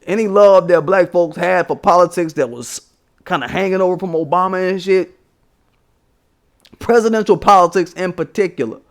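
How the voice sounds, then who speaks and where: A man's voice: high-pitched, moderate pace, vocal fry. Profane, emphatic man ranting live. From United States. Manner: profane, emphatic, laughing scornfully. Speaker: livestream host. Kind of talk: casual political rant.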